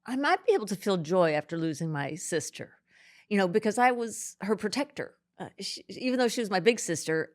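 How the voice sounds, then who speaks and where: A middle-aged woman, a podcast guest, speaking haltingly and emotionally in an interview, with many restarts. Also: mid-range voice, lively intonation.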